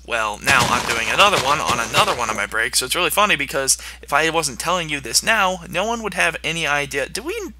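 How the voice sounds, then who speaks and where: A man's voice: medium pitch, pushed and bright. A young man giving playful gameplay commentary and taunting the monsters on screen. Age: young adult. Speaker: gaming video host.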